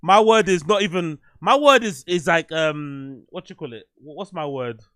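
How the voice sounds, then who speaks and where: Casual host, raised voice, cursing, dry close sound. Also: male voice, a little high, normal speed, a bit bright, smooth, no room sound. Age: adult, "you get older". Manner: swearing, rambling, self-deprecating. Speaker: podcast host. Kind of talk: casual livestream chat.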